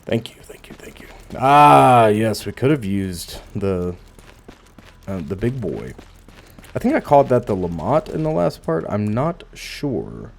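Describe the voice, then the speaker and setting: A man's voice: on the low side, sing-song, takes it slowly, creaky. A man casually commentating as he plays a video game, musing aloud with dry asides. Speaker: gameplay commentator. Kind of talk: casual let's play commentary.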